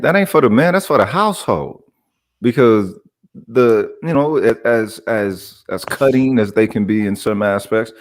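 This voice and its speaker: A man hosting a livestream chat, talking in a laid-back, drawn-out way and often adding filler phrases. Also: on the low side. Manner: laid-back, drawn out, keeps saying "you know what I'm saying". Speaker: livestream host. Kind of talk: casual chat.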